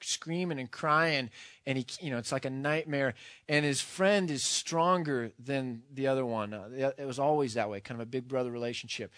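A man preaching a sermon, earnest, moving from quiet, hushed passages to loud, impassioned ones. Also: mid-range voice, dry recording, studio quality. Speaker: pastor.

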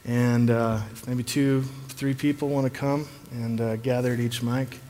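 A man leading a church service as pastor, relaxed and joking as he invites people up. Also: mid-range voice, measured pace, slight background noise. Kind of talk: sermon. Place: large church hall. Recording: reverberant hall, faint ambience.

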